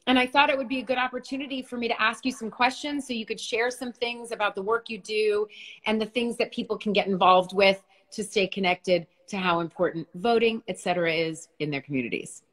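A woman's voice: mid-range voice, brisk, fairly bright tone. A middle-aged woman hosting a casual livestream chat from her phone, bubbly and chatty, laughing often. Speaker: livestream host.

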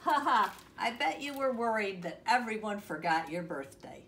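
A woman's voice: mid-range voice, animated, moderate pace, a bit bright, slight background noise, voice pushed up. A woman voicing a playful young girl frog in a read-aloud storybook, in a teasing tone. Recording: roomy, distant home recording.

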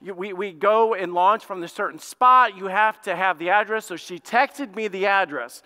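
A man, a pastor, telling a lively story in a sermon and acting out both sides of it. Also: high-pitched, normal speed, long reverb tail. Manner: animated, acts out both sides of his own story. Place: church sanctuary.

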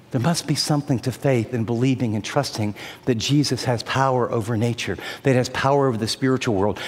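A man preaching a sermon as an animated storyteller who acts out the voices of the people in his story. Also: mid-range voice, in a large hall.

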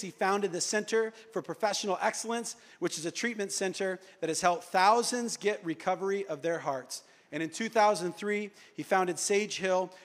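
High-voiced man introducing a speaker in church. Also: fairly bright tone. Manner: upbeat, calls for the crowd to respond. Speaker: church host introducing a guest. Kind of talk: enthusiastic introduction. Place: church sanctuary. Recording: long church reverb.

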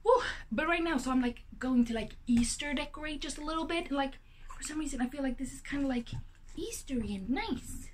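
A high-voiced young woman chats to the camera in her apartment while opening a package. She is talkative and excitable, breaking into gasps and exclamations between rambling asides. A faint hiss sits under the home recording. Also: brisk. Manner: chatty and excitable, gasping and exclaiming, many fillers. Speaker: vlogger. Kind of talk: casual unboxing vlog.

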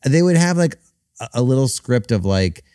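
A man talking casually as a podcast guest, halting and restarting a lot, sometimes slipping into funny voices. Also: medium pitch, lively intonation, dark tone, clean tone, no echo, clean studio sound. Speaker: comedian guest.

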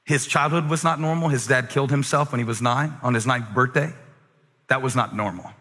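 A man preaching a sermon as a pastor, moving from quiet, conversational stretches to shouted, near-sung climaxes. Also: medium pitch, a little fast. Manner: preaching with swings from quiet talk to shouted crescendos. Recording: long reverb of a large hall.

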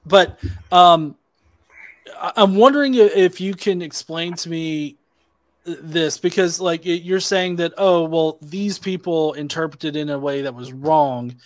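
A man's voice: on the high side, a little slow, dry recording. A man debating online, probing with questions, hesitant with many restarts and fillers. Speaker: atheist debater.

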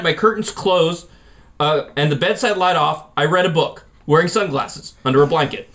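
A man's voice: sits high, normal speed, a bit bright, a little hiss or hum. A man co-hosting a casual podcast, jokingly reading a letter aloud and laughing often. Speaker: podcast co-host.

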